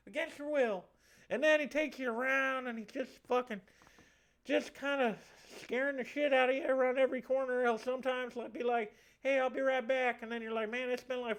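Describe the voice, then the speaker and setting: A man's voice: very high voice, pushed and bright, clear, resonant tone, voice pushed up, exaggerated voice. A man voicing an effeminate southern man's ghost with a lisp and a Southern US accent, rambling crudely through a story.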